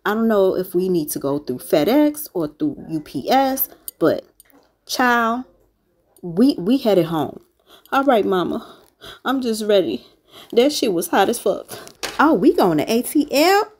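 A woman's voice: medium pitch, very animated, unhurried, voice pushed up. A woman voicing sassy talking wine glasses. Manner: sassy, slangy banter. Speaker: glass artist.

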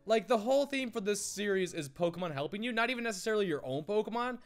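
Lively, high-voiced man giggling and rambling through a video game playthrough. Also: fast talker, soft background music. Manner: giggly, rambling, easily sidetracked. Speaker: gaming channel host. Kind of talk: let's play commentary.

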